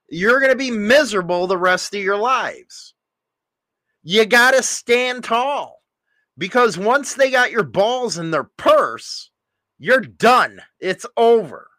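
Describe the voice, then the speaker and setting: Lively high-pitched blunt ranting man. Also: no echo, studio quality. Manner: blunt, opinionated, rising to loud rants. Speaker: livestream host. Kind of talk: casual livestream chat reading comments.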